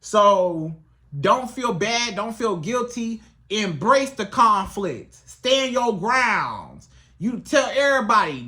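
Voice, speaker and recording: A relationship coach speaks straight to the viewer in a casual advice vlog. The voice is bright and clear, and the delivery is animated and colloquial. The coach often slips into acting out both sides of a conversation. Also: medium pitch, slow. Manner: animated, colloquial, acts out dialogues.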